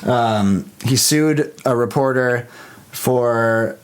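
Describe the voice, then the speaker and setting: A man's voice: mid-range voice, extremely slow, clean tone. A man hosting a casual podcast, talking loosely with lots of "dude" and "um". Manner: loose and laid-back, says "dude" a lot, uses fillers. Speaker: podcast host. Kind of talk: casual chat.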